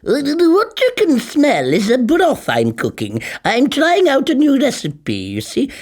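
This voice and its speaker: A man voicing a kindly, nervous old woman, the ogre's wife, in a high fluttery voice. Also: huge pitch swings, unhurried, a little mellow, heavily acted.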